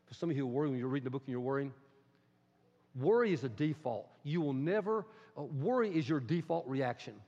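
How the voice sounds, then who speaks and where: A middle-aged man preaches with a gravelly, fry-edged voice pitched a little high. He swings from quiet asides into high, excited exclamations. The sound is muffled and carries a long reverb. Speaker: pastor. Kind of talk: sermon.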